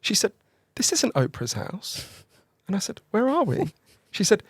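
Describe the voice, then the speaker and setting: A man telling a long funny story as a podcast guest, excitable and laughing as he goes. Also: sits high, a little slow, breathy edge, dry recording, clean studio sound. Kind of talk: animated anecdote telling.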